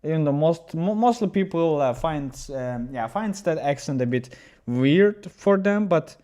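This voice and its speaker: A man's voice: on the high side, lively intonation, unhurried, warm tone. A man casually commenting a chess game on a livestream, reading viewers' messages aloud and answering them, often restarting his sentences.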